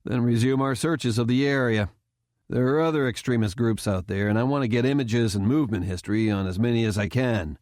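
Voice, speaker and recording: A man voicing a furious retired general who speaks in a low, cold, threatening way. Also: brisk, darkish tone, dry recording, clean studio sound, close to an everyday voice. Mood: matter-of-fact.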